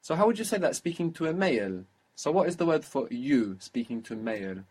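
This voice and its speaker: A man's voice: fairly high pitch, big pitch swings, brisk, darkish tone, slightly rough. A man teaching a spoken language lesson, patiently prompting and praising his student.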